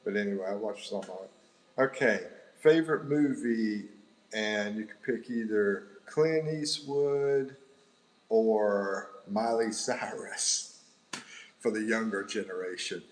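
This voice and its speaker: A middle-aged American livestream host chats casually indoors beside a window, rambling and laughing softly. He speaks slowly in a fairly low voice, and the recording quality is rough.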